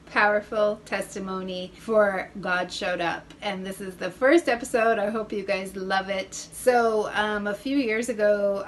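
A woman's voice: medium pitch, a bit bright, a little hiss or hum. A woman hosting a podcast, casually telling a personal faith story in an earnest way, often repeating words for emphasis. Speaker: podcast host sharing a testimony.

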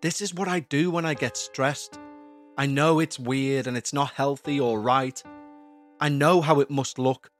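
A man voicing a troubled young man who speaks low, subdued and earnest. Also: steady tone, unhurried, faint music behind, lightly acted.

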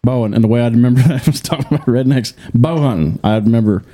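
A mid-pitched man hosts a podcast. He talks casually and jokes, laughing easily. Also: fast, dark tone. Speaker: podcast host. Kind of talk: casual chat.

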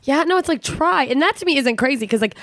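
A woman co-hosting a casual chat, tossing in quick agreements. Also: high-pitched, expressive, fairly bright tone, dry recording, clean studio sound. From United States. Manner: quick back-and-forth, frequent agreeing interjections.

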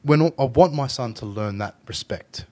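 A man's voice: mid-range voice, moderate pace. An Australian man hosting a casual podcast chat, swearing freely and acting out the voices in his stories. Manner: sweary, animated storyteller acting out quoted voices. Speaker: podcast host.

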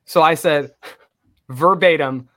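A young man casually telling a long story on a talk show, profane and animated. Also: a little high, slow pace.

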